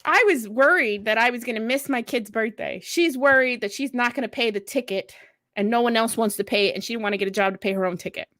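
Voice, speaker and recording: A woman's voice: a little high, quick pace, a bit bright, dry recording, studio quality. A woman in her thirties, a veteran and mother, telling candid stories at a mental health event in a blunt, profane way, often laughing. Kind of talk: candid storytelling.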